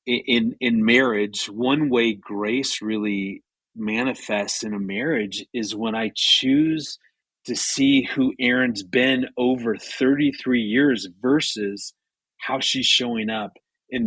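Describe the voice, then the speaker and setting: Earnest husky man telling a story. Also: medium pitch, dry recording. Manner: earnest, many restarts, animated when retelling. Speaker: marriage author and speaker, guest. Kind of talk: casual radio conversation, storytelling.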